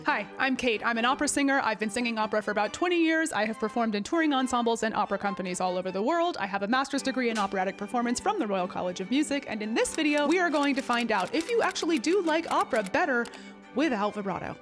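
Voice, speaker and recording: Woman opera singer, slightly high voice, chatty and playful, casual talk to camera, faint music behind. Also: lively intonation, fast. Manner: chatty and playful, with asides and self-corrections. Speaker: opera singer and video host.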